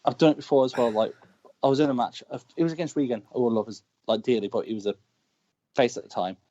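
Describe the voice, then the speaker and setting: British male wrestler, rapid animated storyteller, dull low-fi recording. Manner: animated, shouts quoted lines mid-story. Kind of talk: casual storytelling chat. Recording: dull lo-fi call audio.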